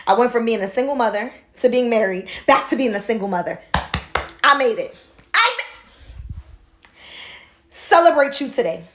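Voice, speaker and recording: A high-voiced woman in her forties gives an impassioned pep talk straight into her handheld phone camera. She shifts from excited shouting to soft, confiding encouragement. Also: moderate pace, pauses often, slight background noise. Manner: passionate, swings between shouting and soft confiding. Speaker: motivational vlogger.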